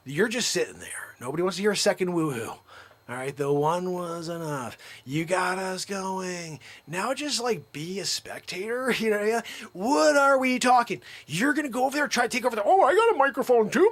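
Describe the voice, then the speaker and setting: A man's voice: high voice, a bit bright. A man hosting an improvised live comedy stream, rambling and mock-scolding someone off-camera. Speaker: livestream host.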